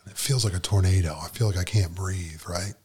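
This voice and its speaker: A man with a lowish voice tells his story candidly and with animation. He acts out the back-and-forth of conversations as he goes, in a casual podcast chat. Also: fairly even intonation, fairly quick, a little mellow, husky. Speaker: podcast guest.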